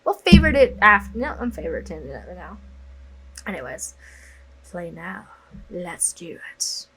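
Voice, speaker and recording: A woman's voice: on the low side, big pitch swings, moderate pace, crowd noise, rough recording. A woman reading a story game aloud and chatting between lines, giggling and joking at her own asides. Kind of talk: casual let's-play commentary.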